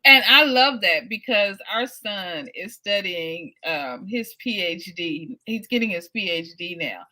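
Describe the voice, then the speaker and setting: Middle-aged lady host, chatty and rambly, bright sharp voice. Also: mid-range voice, animated, measured pace. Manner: chatty, rambling anecdotes with fillers. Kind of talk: casual interview.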